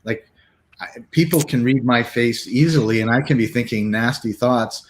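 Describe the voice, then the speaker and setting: A man's voice: medium pitch, moderate pace. A man co-hosting a casual business chat, telling stories and acting out what people say. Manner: animated storyteller, acts out quotes.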